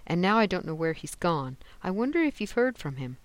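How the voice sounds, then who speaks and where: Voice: mid-range voice, big pitch swings, fairly quick, pitched above the performer's own voice, close to an everyday voice. A reader voicing an anxious middle-aged mother who asks pressing, worried questions.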